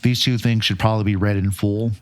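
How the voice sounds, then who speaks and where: A man with a lowish voice talks through a book on a podcast in an easy, meandering way. He leans on fillers and drops the odd swear. The sound is close and dry, with no room around it. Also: fairly even intonation, fast, dry recording. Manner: rambling, with frequent fillers and swearing. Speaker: podcast co-host. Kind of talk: casual chat about a book.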